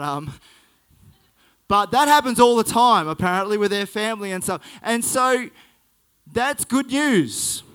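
A man's voice: sits high, fairly bright tone, clear, resonant tone. A man preaching a sermon, telling a story and then making earnest, emphatic points.

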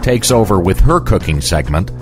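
A man's voice: deep voice, animated, moderate pace, loud music behind the voice. A man hosting a morning radio show, joking in a wry, self-deprecating way. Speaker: radio host.

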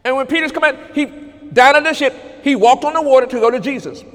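High-voiced preacher in an echoing hall. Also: male voice, brisk. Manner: preaching with call-and-response to congregation. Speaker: pastor. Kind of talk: sermon. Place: church.

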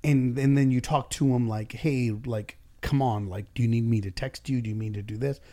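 A man's voice: medium pitch, normal speed, mellow. A man who runs his own business, talking casually and bluntly in a podcast chat, swearing freely and acting out bits of dialogue. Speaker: business owner and boss.

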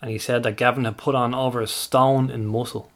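A man with a mid-range voice talks football in a measured, informative manner. He slips in dry humor during relaxed podcast chat. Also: medium pitch. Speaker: podcast co-host.

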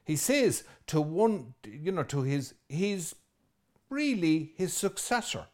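Irish priest preaching a lively sermon. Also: male voice, on the high side, takes it slowly. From Ireland. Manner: lively and conversational, with asides and jokes; emphatic, repeating key phrases.

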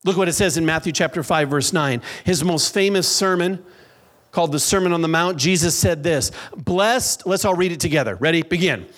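High-voiced preaching pastor, slow and emphatic. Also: male voice, fairly bright tone. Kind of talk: sermon. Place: church.

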